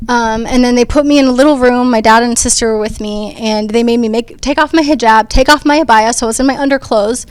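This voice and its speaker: A woman's voice: on the high side, fast talker, hardly any pauses, clear, resonant tone, dry recording. A woman on a discussion panel, telling her own story in an earnest, conversational way with frequent ums and restarts. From United States. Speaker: panel speaker. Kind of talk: personal testimony in a panel discussion.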